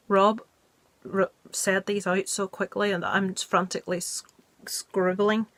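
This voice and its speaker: A woman's voice: mid-range voice, little pitch movement, takes it slowly, long pauses, fairly bright tone, dry recording. A woman talks through her picks in a casual, chatty way, with a middle-range voice. She is blunt and jokey, and her opinions come out frank and unpolished. The sound is dry and close, with no room ring. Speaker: movie review vlogger. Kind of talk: casual chat.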